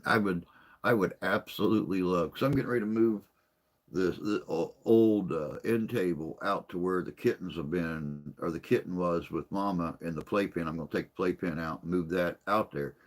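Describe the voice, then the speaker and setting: A man's voice: low-pitched, moderate pace. A man chatting casually on a live stream, rambling and folksy, a little tired and unwell.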